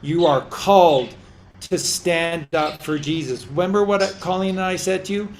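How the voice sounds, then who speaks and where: Over slight background noise, a podcast host with a somewhat high voice speaks at normal speed. His religious commentary is impassioned, preachy, and repetitive as he urges listeners on.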